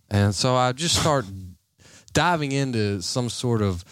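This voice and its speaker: Among friends, a man tells a funny story in a smooth, mid-range voice, taking his time. He's animated, laughs often, and does voices for the people in it; the studio-quality audio has no echo.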